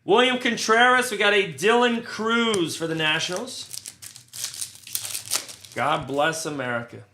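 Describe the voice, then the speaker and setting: A crude, joking man hosting a card break and rattling off player names. His voice is bright and a little high, with a roomy echo and faint noise behind him. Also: unhurried. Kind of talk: casual live card-break chat.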